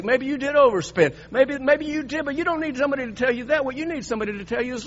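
A man preaching a sermon, swinging between loud emphatic bursts and quiet earnest passages. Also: extremely high pitch, lively intonation, fast, hardly any pauses, dull audio. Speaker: pastor.

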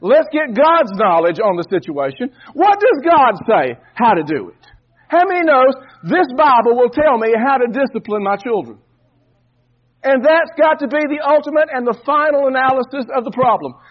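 A man's voice: very high-pitched, dull audio. A man preaching a sermon, telling a folksy story and often repeating and restarting words.

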